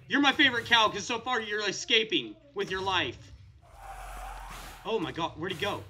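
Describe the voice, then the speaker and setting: A young man hosting a gaming video, giving excitable casual commentary and shouting at the screen. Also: high voice, moderate pace.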